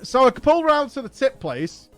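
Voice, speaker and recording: A man streaming games, telling an exasperated anecdote in an animated, profane way. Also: very high voice, moderate pace, faint music behind. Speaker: gaming streamer. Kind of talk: casual anecdote on a live stream.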